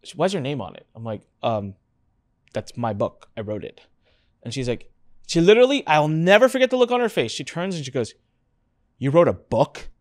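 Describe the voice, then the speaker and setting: A male podcast host with a slightly high, very lively voice that swoops up and down as he tells a story. He acts out his relatives' reactions in an animated, casual way. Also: fairly quick, no room sound, clean studio sound.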